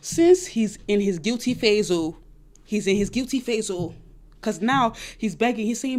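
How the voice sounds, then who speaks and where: A young woman with a non-American English accent giving casual dating advice to her viewers, animated and repetitive, often acting out what other people say. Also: mid-range voice, normal speed. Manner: animated, repetitive, acts out quoted voices.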